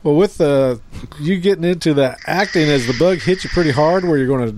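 A podcast host asks his guests relaxed, easygoing questions in a mid-pitched voice. Noticeable background noise runs under his speech. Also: fairly quick. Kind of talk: casual interview.

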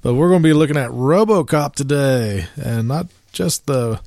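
A man's voice: mid-range voice, animated, normal speed, vocal fry, a little mellow, no echo, studio quality. A man hosting a podcast, opening the show in an upbeat, welcoming way and keeping the chat casual. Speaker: podcast host.

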